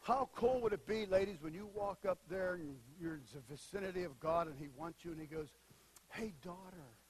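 A man preaching a sermon, moving between quiet asides and loud, emphatic bursts. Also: a little high, fairly quick, rough recording. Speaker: pastor.

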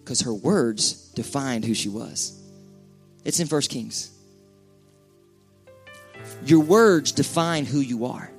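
A man's voice: mid-range voice, lively intonation, takes it slowly, long pauses. Folksy preaching man, faint music under. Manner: folksy, conversational preaching with colloquial asides. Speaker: pastor. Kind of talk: sermon.

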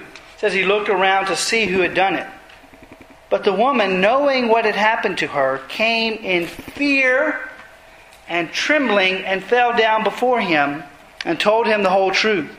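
A man's voice: high-pitched, pushed and bright, slight background noise. A man preaching an expository sermon, retelling scripture passages earnestly and pressing his points with emphasis. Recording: roomy echo.

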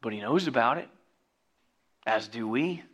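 A man preaching a sermon, reading scripture and breaking into jokey asides and loud exclamations. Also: medium pitch, expressive, measured pace. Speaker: pastor.

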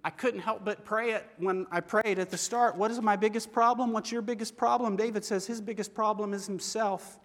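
A middle-aged male pastor speaks in a high, light voice, earnest and conversational, turning often to questions for his listeners. His sermon rings out in a long, reverberant church hall. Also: steady tone, moderate pace, few pauses, a bit bright.

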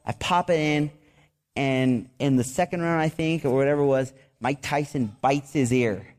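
Man preaching in a lively, conversational way. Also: mid-range voice, moderate pace. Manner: conversational preaching with restarts and repeated words; animated storytelling with excited outbursts. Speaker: pastor. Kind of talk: sermon.

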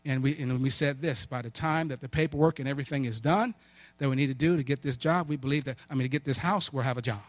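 A man's voice: mid-range voice, fast talker, no echo. A man preaching a sermon with personal stories, emphatic and in call-and-response style, often asking questions and answering them himself. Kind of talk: sermon with storytelling.

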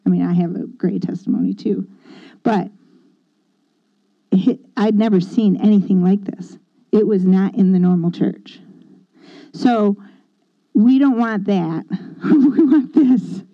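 A woman's voice: mid-range voice, big pitch swings, takes it slowly, long pauses, highs cut off. A woman speaking earnestly and casually about her husband's faith, with light laughs. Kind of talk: casual testimony chat.

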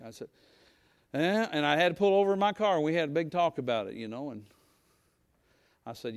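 A middle-aged male pastor preaching a sermon in a folksy, conversational way, talking straight to his congregation and sometimes rising to a shout. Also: on the high side, expressive, a little fast, no room sound.

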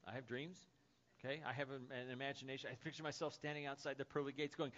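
A man preaching a sermon as pastor, dropping to soft, hushed lines and rising to loud, excited storytelling. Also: medium pitch, fast, lo-fi sound.

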